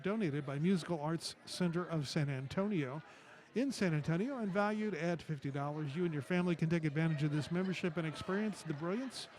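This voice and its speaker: A man announcing auction items on live television, reading each description in a steady, matter-of-fact way. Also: fairly high pitch.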